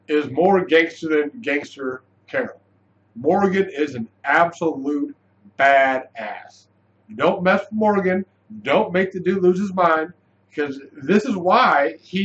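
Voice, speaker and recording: A man's voice: on the high side, highs cut off. Chatty man reviewing a TV episode. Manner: animated, loose and chatty with frequent restarts. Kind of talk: casual spoken review.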